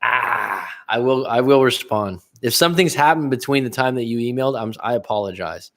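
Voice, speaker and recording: A man's voice: mid-range voice, expressive, fairly quick, gravelly, fairly bright tone. A middle-aged male relationship coach in a casual livestream chat, rambling and reading viewer comments aloud with many restarts. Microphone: livestream webcam.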